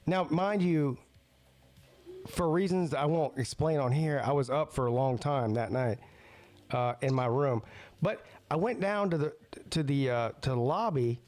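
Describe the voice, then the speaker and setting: A man's voice: a little high, unhurried, a little mellow. A man hosting a podcast, telling a story in a rambling, profane way and stumbling over repeated words. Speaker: podcast host. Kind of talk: casual chat, storytelling.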